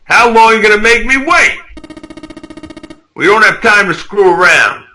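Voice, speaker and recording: A man voicing a gruff, hot-tempered big man in a game, barking his complaints. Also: sits high, animated, measured pace, pushed and bright, slight background noise, full character voice. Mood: angry.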